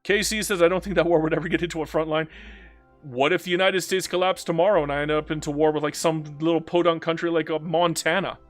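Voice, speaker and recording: A man from Canada, a strategy game streamer, chatting casually as he reads viewer comments and answers them in a blunt, rambling way that swings between animated and subdued. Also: a little high, fast, soft background music.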